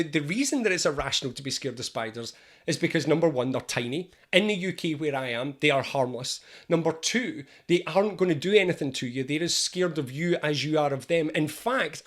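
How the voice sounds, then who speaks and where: A middle-aged man, an anxiety coach explaining things to camera in an animated, jokey, conversational way. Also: medium pitch. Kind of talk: educational talk to camera.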